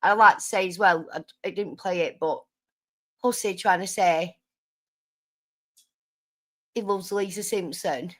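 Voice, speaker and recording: A woman's voice: on the low side, a little slow, long pauses, fairly bright tone. A woman hosting a livestream, combative and sarcastic, calling out critics and thanking viewers for chats. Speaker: livestream host. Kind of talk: livestream commentary.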